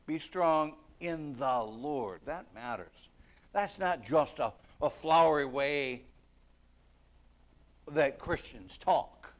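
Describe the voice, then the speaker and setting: A man preaching a sermon at a prayer meeting, talking earnestly and conversationally, with bursts of emphasis and scripture read aloud. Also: a little high. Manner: reads scripture aloud in King James wording.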